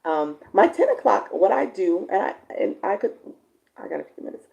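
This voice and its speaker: A woman live-stream coach with a raspy voice, chatting casually with viewers and reading their comments. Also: medium pitch, very animated, normal speed, lo-fi sound. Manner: chatty, warm-toned, laughs often, answers viewers by name.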